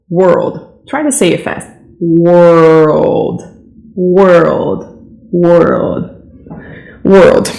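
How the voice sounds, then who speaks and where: A woman's voice: on the low side, gravelly, a little mellow, rough recording. A woman teaching English vocabulary, saying each word twice with careful pronunciation and stopping to correct common mistakes. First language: Portuguese. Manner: corrective, checks in with "okay?".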